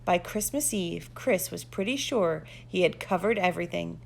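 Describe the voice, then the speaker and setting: A woman reading a children's picture book aloud in steady, plain narration. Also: on the low side, moderate pace, creaky, a little hiss or hum. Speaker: guest story reader.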